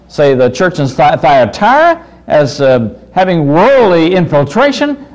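A man's voice: a little high, dull audio. A man preaching a Bible study sermon to his congregation, conversational and full of pointed questions. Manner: animated preaching with rising questions, addresses "dear friend"; many fillers and restarts, conversational. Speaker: pastor.

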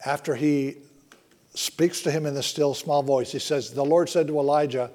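Male pastor preaching, mellow dark tone, slightly high pitch, earnest, hushes for emphasis. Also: steady tone. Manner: earnest, slows and softens for emphasis. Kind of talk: sermon.

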